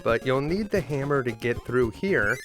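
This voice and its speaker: Man, game guide voice-over, upbeat, lightly joking, mid-pitched, game music clearly behind. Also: expressive, moderate pace. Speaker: video game guide host. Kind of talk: scripted gameplay walkthrough narration.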